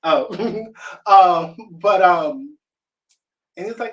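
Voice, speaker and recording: A man's voice: high voice, very slow, fairly bright tone, distant mic, slight background noise, poor audio. A man co-hosting a casual review chat, chatty, laughing easily and acting out what people said. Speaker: podcast co-host.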